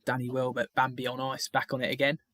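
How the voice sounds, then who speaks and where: Chatty lad reacting to football. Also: male voice, medium pitch, fast, no room sound. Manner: chatty, excitable, rambling asides. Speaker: watchalong host. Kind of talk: casual live match reaction commentary.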